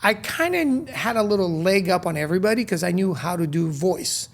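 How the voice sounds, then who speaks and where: Husky guy telling stories fast and lively, bit of fry in there, acts out what people said. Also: sits high. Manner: lively, acts out quoted dialogue. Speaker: guest, restaurant co-founder. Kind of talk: animated storytelling in conversation.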